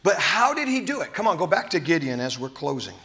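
A man preaching a sermon at a church service, exuberant and loud at times, then dropping to a hushed, tender voice. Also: on the high side, very animated, fast talker. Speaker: pastor.

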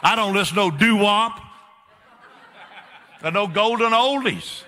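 A man's voice: high-pitched, a little slow, bright, forceful tone. A man preaching a sermon in a church, emphatic and repetitive, turning often to question the congregation. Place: church sanctuary. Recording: echoey church hall.

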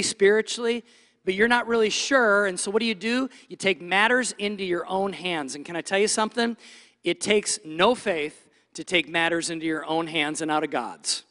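A pastor preaching a Sunday sermon with animated delivery, acting out doubting inner voices. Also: male voice, sits high, big-room sound. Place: church stage.

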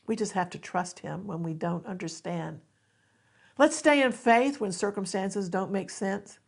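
A woman hosting a Christian television ministry, giving an earnest devotional teaching and appeal to viewers. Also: medium pitch. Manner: earnest, exhorting, with emphatic rises.

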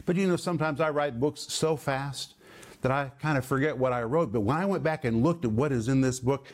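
A man hosting a televised Bible teaching, speaking earnestly and emphatically, slowing down to stress key phrases. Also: medium pitch. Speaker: Bible teacher and TV ministry host.

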